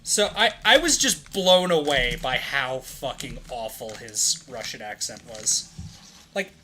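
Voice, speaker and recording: A man in casual banter with friends, animated and profane, rambling as he talks. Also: medium pitch, unhurried.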